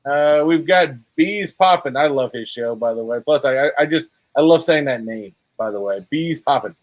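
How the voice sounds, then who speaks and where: Man, livestream host, rambling and filler-heavy, slightly high voice, dry close sound. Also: expressive, moderate pace, no echo. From Boston. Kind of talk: casual livestream chat.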